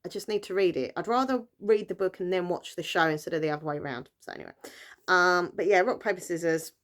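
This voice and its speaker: A woman's voice: fairly low pitch, fast talker. A British woman chatting casually on her vlog, rambling along with lots of fillers and self-corrections. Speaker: book vlogger. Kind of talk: casual chat.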